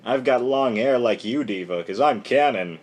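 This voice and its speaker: A man mocking a whiny, shouting man-child hero. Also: mid-range voice, lively intonation, moderate pace, close to an everyday voice. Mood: whiny tantrum. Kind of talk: mocking impression within a comic review.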